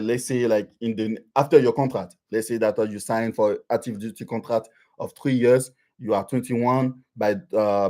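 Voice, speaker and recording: French-accented man, mellow voice. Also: medium pitch. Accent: French-accented English. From Benin. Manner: halting, many restarts and fillers. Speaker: livestream host. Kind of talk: live Q&A advice stream. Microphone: livestream webcam.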